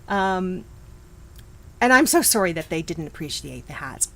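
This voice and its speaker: A woman's voice: fairly low pitch, very animated, moderate pace, fairly bright tone, low-quality recording. A middle-aged woman hosting a live knitting stream, chatting casually, reacting to viewers and laughing often. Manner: chatty, reacts to chat, frequent restarts and laughs.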